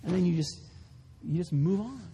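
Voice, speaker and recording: A man preaching a sermon as pastor, earnest, slowing down to stress key lines. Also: sits high, lively intonation, warm tone, slight background noise. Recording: long reverb of a large hall.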